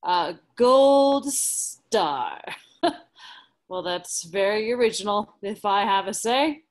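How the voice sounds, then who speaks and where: A woman reading the part of a sarcastic, resentful man, with a slow sneer. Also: mid-range voice, lively intonation. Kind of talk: live script reading over video call.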